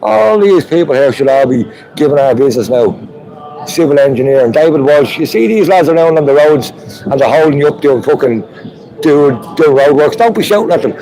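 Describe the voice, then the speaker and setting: Speaking a little fast with lively intonation, this Irish-accented man has a higher, dark-toned voice on a low-quality recording. He livestreams from a street protest outdoors among trucks, chatting with viewers while crowd and vehicle noise fill the background.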